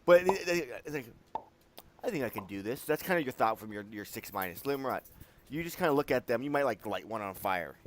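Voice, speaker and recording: A man narrating as game master of a tabletop game, loose and chatty, acting out quick quotes as he describes the scene. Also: medium pitch. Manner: animated, loose, full of "like" and acted-out quotes.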